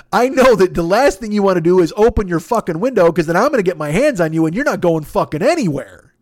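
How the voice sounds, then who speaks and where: A man with a high voice tells a comedic story on his podcast, swearing freely and bringing the story to life. He acts out every side of the argument himself. The sound is close and dry, with no room around it. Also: no echo. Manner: profane, animated, acts out both sides of the dialogue. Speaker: podcast host.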